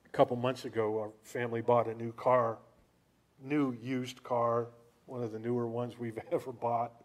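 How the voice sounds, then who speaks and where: A male preacher giving a sermon, telling stories in an animated way and asking rhetorical questions. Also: medium pitch, normal speed.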